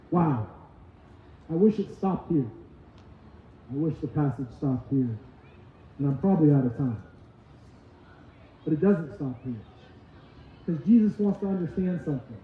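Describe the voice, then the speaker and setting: A pastor preaches with emphatic, repeated phrases in a high voice. His sermon sounds tinny and phone-like, and heavy church echo surrounds it with faint noise behind. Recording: echoey hall, tinny lo-fi sound.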